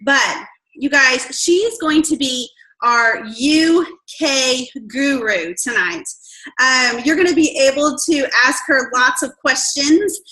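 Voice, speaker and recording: A woman's voice: high-pitched, bright, forceful tone, rough recording. A woman hosting a video call, introducing a guest in a gushing, effusive way. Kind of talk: enthusiastic live-call introduction.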